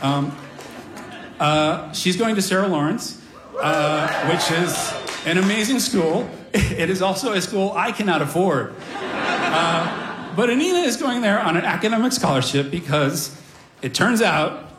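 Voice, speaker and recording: Animated middle-aged man telling a story. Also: high-pitched, unhurried, noisy background. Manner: animated, self-deprecating, wry asides. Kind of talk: live comic storytelling. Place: stage before a live audience.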